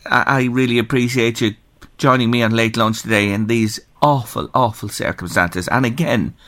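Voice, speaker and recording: A man's voice: mid-range voice, fairly even intonation, moderate pace, fairly bright tone, no room sound. An Irish man hosting a radio phone-in show, earnest and sympathetic, reading listener messages aloud into a studio microphone. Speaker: radio talk show host.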